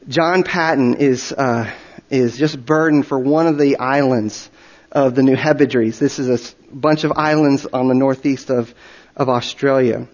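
A man's voice: on the high side, a little mellow. A man preaching, retelling a story earnestly and often repeating words as he goes. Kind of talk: sermon storytelling. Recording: dull recording with long reverb.

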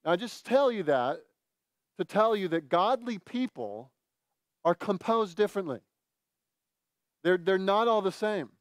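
A man's voice: high voice, unhurried, pauses often, no room sound. A man preaching a sermon to his congregation in an earnest way, now and then acting out what his listeners might say. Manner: earnest, with animated acted-out quotes. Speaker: pastor.

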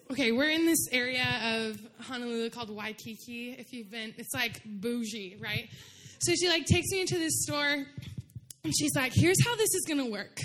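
A young woman with a high voice gives a casual sermon in church. She tells stories in a chatty way, filling her talk with "like" and laughing easily. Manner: chatty, full of "like", laughs while telling stories. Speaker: preacher.

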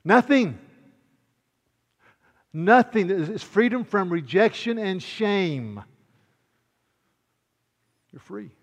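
A man preaching a sermon as pastor, swinging between loud proclamation and hushed, intimate asides. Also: high voice, very animated, slow, pauses often, in a large hall.

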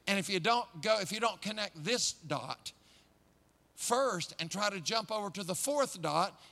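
A man preaching a sermon, telling a story with rising excitement, repeating words and chuckling along the way. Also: sits high, unhurried, creaky.

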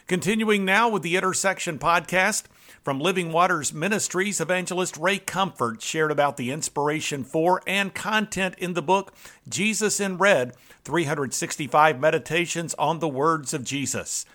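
Smooth-voiced radio host announcing. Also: male voice, on the high side, normal speed, pushed and bright. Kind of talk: broadcast announcing.

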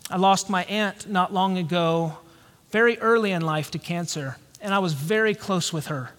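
A high-voiced man delivers an earnest, reflective sermon in a slow cadence with pauses. The sound rings with a long hall reverb. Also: a bit bright. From Georgia, USA. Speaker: pastor.

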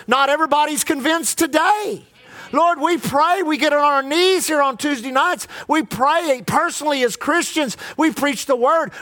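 A man's voice: very high-pitched, fairly bright tone. A male pastor preaching a sermon in church, leading the congregation in call-and-response.

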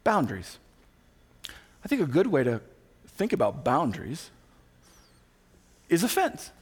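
Lively, animated male pastor preaching. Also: fairly high pitch, measured pace, breathy edge. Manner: animated, acts out quoted voices with asides and laughs. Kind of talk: sermon. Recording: recorded sermon audio.

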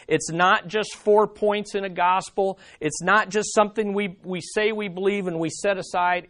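A man's voice: sits high, fairly bright tone. A man preaching a sermon, emphatic, repeating phrases and asking the congregation questions. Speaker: pastor.

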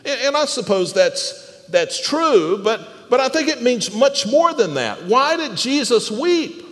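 A male pastor preaching with a high, very lively voice that swings up and down. He restarts phrases by repeating words and throws questions out to the congregation, and his voice rings with the long echo of a church hall. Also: measured pace. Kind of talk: sermon.

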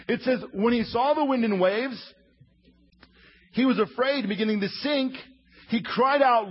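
A man preaching a sermon as a lively storyteller who acts out the quotes he tells. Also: very high-pitched, measured pace, breathy edge. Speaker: preacher teaching a Bible lesson. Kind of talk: sermon, drawing while teaching. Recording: dull lo-fi sound.

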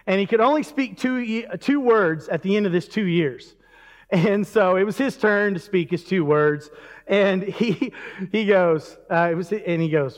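A man preaching a casual, chatty sermon in church, breaking off mid-sentence and chuckling at asides. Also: sits high. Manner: conversational, self-interrupting, chuckling asides. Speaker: pastor. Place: church sanctuary. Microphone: handheld or stage mic. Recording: long reverb of a church hall.

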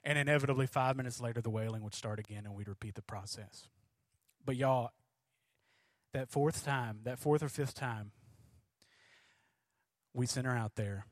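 Man in his thirties, pastor delivering a sermon, lively anecdotes, middle pitch, no room echo. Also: clean studio sound. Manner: animated storytelling, emphatic, voices his daughter and himself.

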